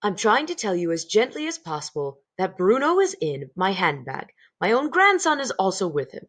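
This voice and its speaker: A woman doing a gentle, composed grandmother. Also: mid-range voice, very animated, moderate pace. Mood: firm. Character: kind, patient elderly grandmother.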